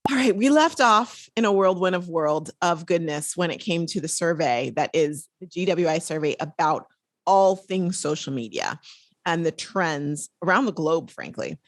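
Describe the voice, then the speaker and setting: A woman's voice: lowish voice, expressive, no echo. Chatty woman hosting a podcast. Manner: chatty, playful, quick asides. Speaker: podcast host. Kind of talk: casual podcast chat.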